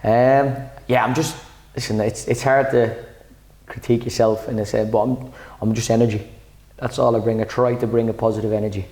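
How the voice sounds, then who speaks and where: A man's voice: medium pitch, level tone, brisk, darkish tone, rough recording. A man, the club's head coach, answering interview questions in a chatty way, often repeating words as he starts a thought. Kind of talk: sit-down interview.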